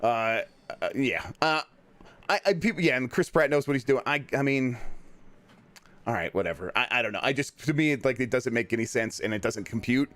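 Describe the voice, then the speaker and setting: A man co-hosting a podcast in casual chat, wry and rambling, often trailing off into low mutters. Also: lively intonation, fairly quick, fairly bright tone. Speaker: podcast co-host.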